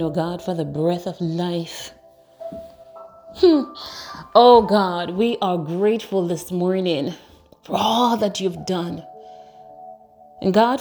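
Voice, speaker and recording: A woman hosting a morning devotional, praying softly and slowly at home. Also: medium pitch. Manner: slow, soft prayerful delivery; sing-song greetings, baby talk to her dog. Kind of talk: morning prayer and encouragement. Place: bedroom at home.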